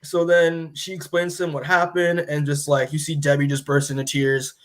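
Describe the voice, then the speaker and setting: A young man co-hosting a podcast, casually retelling a comic story in a rambling way, full of fillers and quick acted-out character lines. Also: a little high, flat delivery. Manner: rambling, lots of "like" and restarts, acts out characters' lines. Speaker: podcast co-host recapping comics. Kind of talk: casual chat.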